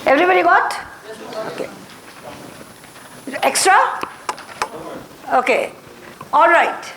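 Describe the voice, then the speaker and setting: Woman, motivation trainer, high voice, echoey classroom, short repeated phrases. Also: slow, background noise. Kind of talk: classroom lecture. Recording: echoey room.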